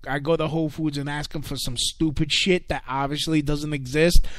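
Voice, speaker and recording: A man with a voice on the high side hosts a casual online radio show, speaking at normal speed in a steady, slightly bright tone. His comedic rant is profane and rambling, packed with fillers, stumbles, and restarts. There's no room sound, and the quality is studio-grade.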